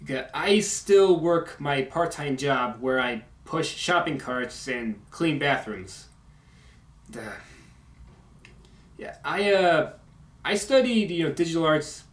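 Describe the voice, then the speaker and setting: A young man talks casually to his viewers, stopping and restarting with plenty of fillers. His voice sits a little high, and his S sounds come out sharp and hissy. The room around him is echoey. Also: lively intonation. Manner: halting, many uh and you know fillers; strong S sounds. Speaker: YouTube video maker. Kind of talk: casual update talk.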